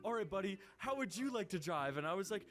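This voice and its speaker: A man's voice: sits high, quick pace. A man voicing a young cartoon guy who tells absurd dreams, acting out voices with laughs. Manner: animated storytelling, acts out voices with laughs. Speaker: animated character.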